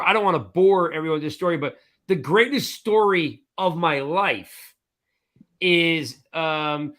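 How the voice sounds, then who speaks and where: A man co-hosting a sports talk show, telling a long anecdote in a lively, chatty way, acting out the other people's voices. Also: a little high. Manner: animated storyteller, acts out voices, repeats "I'm like" and "right?". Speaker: podcast co-host. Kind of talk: casual storytelling chat.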